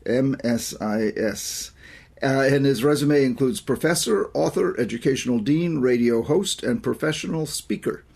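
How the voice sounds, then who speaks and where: A man hosting a podcast interview, introducing his guest and asking questions in a calm, encouraging way. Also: mid-range voice, gravelly, slightly rough. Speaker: podcast host.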